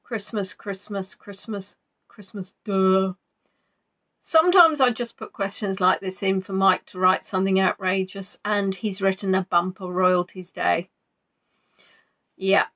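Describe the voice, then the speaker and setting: A woman's voice: medium pitch, normal speed, bright, forceful tone. A woman hosting a casual quiz stream, chatty and playful as she reads out viewers' answers. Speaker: quiz host.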